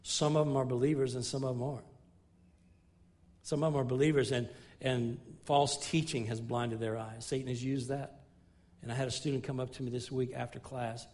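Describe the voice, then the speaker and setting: A man's voice: flat delivery, fairly quick, a little mellow. Earnest middle-aged male preacher. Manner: earnest preaching, rising in emphasis and dropping low for anecdotes; repeats and restarts phrases while building a point. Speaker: pastor. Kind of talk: sermon.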